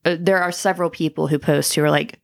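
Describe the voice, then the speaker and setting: A woman's voice: sits low, fairly even intonation, quick pace, vocal fry. A woman co-hosting a casual podcast chat, telling stories with lots of filler words and frequent laughter. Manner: giggly storyteller, many "like" fillers. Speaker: podcast co-host.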